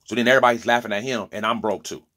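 This opinion vlogger, a man in his forties, delivers a heated monologue at a very fast clip, his fairly low voice steady yet bright and forceful. He is impassioned, stumbling into restarts and repeating words as he presses his points, with preachy asides thrown in.

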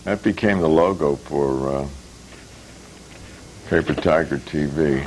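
Wry older New man with a very low voice. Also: slow pace, long pauses, a little hiss or hum, poor audio. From United States. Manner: wry, deadpan jokes with many fillers and restarts. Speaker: public access TV host. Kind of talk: casual rambling commentary.

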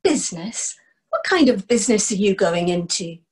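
A woman's voice: medium pitch, very animated, moderate pace, a little mellow, lightly acted. A woman voicing Donald, a bossy, exasperated crofter who scolds his farmhand. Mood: scolding. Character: older male crofter, gruff and exasperated.

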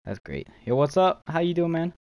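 A man's voice: fairly high pitch, big pitch swings, normal speed, darkish tone, no echo. A young man streaming a game, chatting casually with viewers, laughing and swearing easily. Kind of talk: casual live-stream chat while trading.

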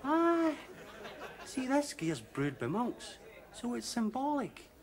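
A man's voice: very high voice, wildly swooping pitch, slow pace, some chatter behind, exaggerated voice. An actor playing a smart-mouthed barman who teases his customers with dry wit in a sitcom.

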